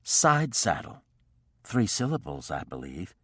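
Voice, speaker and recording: A male audiobook narrator voicing a spirited, teasing young noblewoman with tart, quick-witted replies. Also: low-pitched, sing-song, sharp tone, slightly rough, dry recording, studio quality, exaggerated voice.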